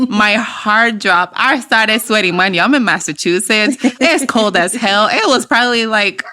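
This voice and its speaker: A woman's voice: mid-range voice, unhurried. A woman with an accent, a mother and guest, telling her story casually and acting out the dialogue with laughs. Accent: non-native English accent. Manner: animated, acts out quoted dialogue with laughs.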